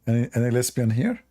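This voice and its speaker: A man's voice: mid-range voice, dark tone, husky. A man hosting a talk, casually telling a funny personal anecdote in loose, non-native phrasing and chuckling often. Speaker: host.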